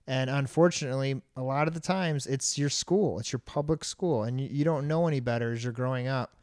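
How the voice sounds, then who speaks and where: Blunt, opinionated man, smooth voice. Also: mid-range voice, brisk, darkish tone, no room sound, clean studio sound. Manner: opinionated, blunt, laughs easily. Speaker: podcast co-host. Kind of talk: casual chat.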